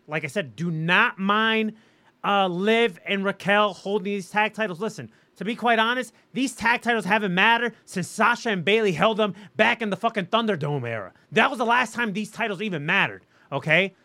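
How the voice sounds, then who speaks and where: A man's voice: high-pitched, normal speed, bright, forceful tone. A man co-hosting a casual wrestling podcast, opinionated and emphatic, swearing freely as he rants about booking. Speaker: podcast co-host.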